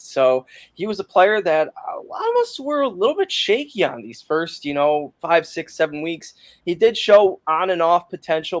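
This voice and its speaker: A man co-hosting a casual sports podcast, friendly and chatty, putting questions to the others. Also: on the high side. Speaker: podcast co-host.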